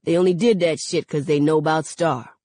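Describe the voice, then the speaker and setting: A woman's voice: deep voice, fairly even intonation, brisk, mellow, no echo, close to an everyday voice. A woman reading aloud and voicing a defiant young man from the neighborhood who speaks bluntly.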